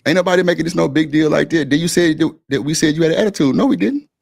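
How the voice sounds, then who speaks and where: A man's voice: fairly high pitch, racing, creaky, a little mellow. A man hosting a heated panel discussion, arguing back, repeating himself and talking in casual slang. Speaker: host.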